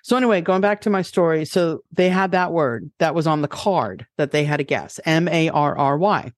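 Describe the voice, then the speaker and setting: A woman's voice: deep voice, moderate pace, dry recording. New York woman telling stories. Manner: animated storyteller, laughs often. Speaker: podcast host. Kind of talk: casual chat. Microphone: headset.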